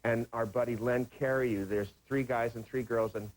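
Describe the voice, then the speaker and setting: A man's voice: medium pitch, fairly even intonation, normal speed, low-quality recording. Enthusiastic man actor telling anecdotes. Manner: rambling anecdotes with filler and restarts, enthusiastic. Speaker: talk show guest, actor. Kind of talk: casual chat. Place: television studio. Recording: old broadcast recording.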